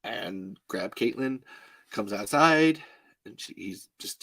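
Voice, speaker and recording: A man's voice: on the low side, expressive, fairly bright tone. Sighing man telling a story. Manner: halting, sighing, fighting back tears; many restarts and fillers, rambling. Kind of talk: casual storytelling.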